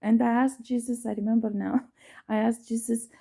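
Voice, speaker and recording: A woman recounting a personal story to her viewers in a low, gravelly voice with a dark, mellow tone. She hesitates often, restarts her sentences and fills pauses with ums. She leans hard on repetition and lets a curse slip when upset. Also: level tone. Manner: emphatic, repeats herself. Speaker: vlogger.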